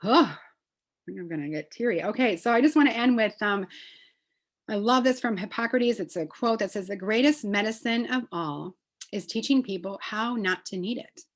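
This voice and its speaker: A woman's voice: fairly high pitch, moderate pace. A woman presenting a live online class, talking enthusiastically and casually with many fillers, heard through a computer mic. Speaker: essential oils presenter.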